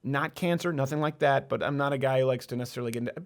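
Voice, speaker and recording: Male host, 30s, mid-pitched, rapid casual patter with punchy emphatic spikes. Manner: fast, animated delivery with sudden loud bursts. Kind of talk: casual talk-show chat.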